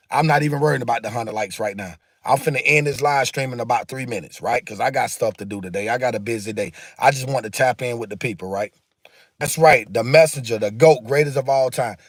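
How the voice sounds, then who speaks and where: A man's voice: mid-range voice, no echo, studio quality. A man hosting a casual livestream, talking emphatically and repetitively in a preachy way while answering viewer comments. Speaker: livestream host.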